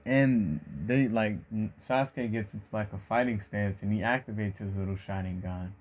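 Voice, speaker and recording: A man's voice: on the low side, steady tone, normal speed, a little mellow. A man casually retelling a fan story, rambling with many fillers and swear words.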